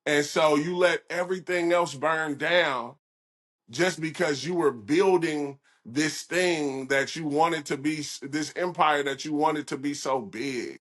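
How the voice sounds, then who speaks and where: A man hosting a podcast, reflecting on what his guest said in a measured, thoughtful way. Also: fairly high pitch, a bit bright. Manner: measured, reflective commentary with frequent affirmations. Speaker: podcast host. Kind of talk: casual interview chat.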